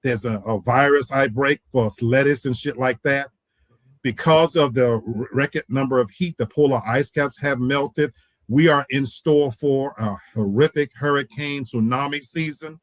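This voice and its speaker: A man's voice: medium pitch, moderate pace, dry recording. Man giving earnest advice, dry sound. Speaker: co-host. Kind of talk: casual talk show chat.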